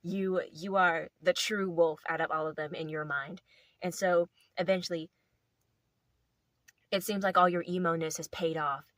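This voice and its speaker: A woman's voice: lowish voice, steady tone, moderate pace, fairly bright tone, dry recording. A young woman casually telling a playful story to camera, rambling with lots of filler words. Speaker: video host.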